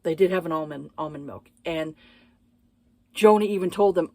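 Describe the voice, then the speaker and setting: A woman's voice: low-pitched, moderate pace, darkish tone, no echo. A woman giving a casual book review, blunt and profane, exasperated, with lots of hesitant fillers.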